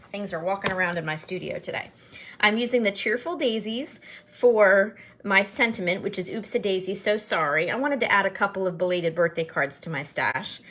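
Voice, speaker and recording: A woman's voice: mid-range voice, a bit bright, a little hiss or hum. A middle-aged woman chatting her way through a card-making demonstration in her home craft studio, upbeat and joking as she works. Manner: chatty, upbeat, jokes while working. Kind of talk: casual craft tutorial narration.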